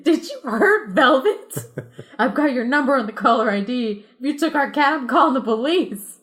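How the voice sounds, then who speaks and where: A woman's voice: very high voice, a little slow, fairly bright tone, voice pushed up. A woman voicing a worried pet owner who turns suspicious and threatening on the phone, in a podcast story reading. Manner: pleading, then suspicious and threatening.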